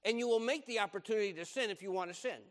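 An older man preaches with emphasis, driving his points home by repeating them. His voice sits high for a man. A long reverb trails each phrase. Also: racing. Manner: emphatic, repeats key lines, acts out quoted voices. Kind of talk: sermon.

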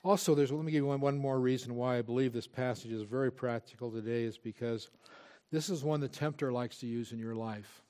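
A man's voice: mid-range voice, fairly quick, warm tone. A male pastor preaching a sermon, earnest and emphatic, with frequent restarts.

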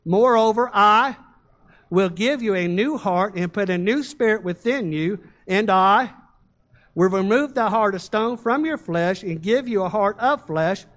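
High-voiced man preaching a sermon. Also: animated. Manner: preaching with call-and-response, slowing and rising on key words. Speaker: pastor.

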